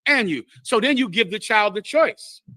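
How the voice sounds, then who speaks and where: Male teacher, sermon-style delivery, blunt and emphatic; high pitch, dry close sound. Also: expressive, normal speed, sharp tone, dry recording. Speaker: teacher leading a congregation class.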